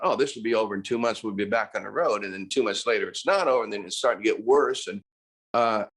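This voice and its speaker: An American man in his seventies, a musician talking casually in an interview, animated and breaking into bursts of singing and screaming. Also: lowish voice, husky. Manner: animated storyteller, bursts into sung screams and imitated voices. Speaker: musician guest.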